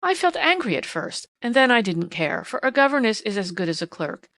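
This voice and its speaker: A woman narrating an audiobook in first person with a measured, expressive reading. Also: on the high side.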